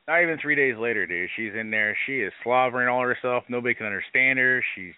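A man's voice: medium pitch, fast talker, smooth, no room sound. A man who owns a bar, telling stories in a casual interview, blunt and profane, often quoting others as he goes. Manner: blunt, profane, animated storytelling with acted quotes. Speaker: bar owner interviewed on a live show. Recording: dry, phone-like band-limited sound.

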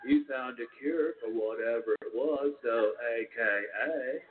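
A man voicing a laid-back young male stoner working at a pot shop, drawling slowly and smugly. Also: mid-range voice, pitched below the performer's own voice, natural voice. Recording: tinny lo-fi with hiss.

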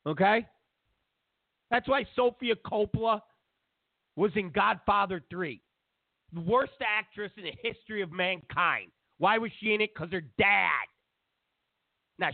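Ranting high-voiced man with gravelly edge. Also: dry recording. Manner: ranting, sarcastic, digressive. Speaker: talk show host. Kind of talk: opinionated monologue. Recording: dry, phone-like narrow sound.

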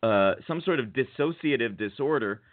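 A man's voice: medium pitch, moderate pace. Man host telling stories over tinny sound. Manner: animated storytelling, laughs often. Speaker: radio show host. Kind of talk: casual comedic chat.

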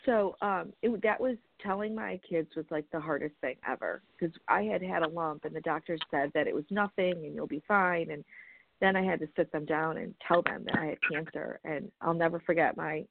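A woman's voice: low-pitched, a little fast, gravelly. A woman in her forties, a guest advocate, telling her story frankly and with animation in a podcast interview. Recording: phone-line audio.

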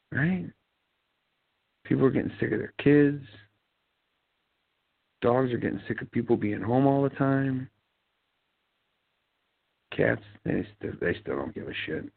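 A man's voice: medium pitch, big pitch swings, measured pace, vocal fry, long pauses, breathy edge. A man hosting a show, talking in a rambling, sardonic monologue with mumbled asides. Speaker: podcast host. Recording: tinny phone-like line, dry.

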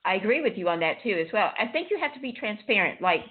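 A woman hosts a casual talk show, her voice a little husky and breathy. She tells animated stories and acts out the lines of each person in them. The sound is thin and tinny, like a phone line. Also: mid-range voice, fast. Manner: animated storyteller, acts out dialogue with laughter. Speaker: host. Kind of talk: casual chat.

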